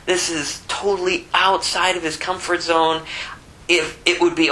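A man's voice: high voice, little pitch movement, measured pace, sharp tone, a little hiss or hum, rough recording. A man giving a casual Bible teaching, rambling with conversational asides. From Phoenix area. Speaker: preacher.

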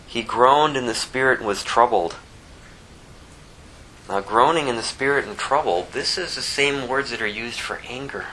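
A man preaching a sermon, moving between impassioned rising emphasis and hushed, slower scripture reading. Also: medium pitch, a little hiss or hum, rough recording. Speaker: pastor.

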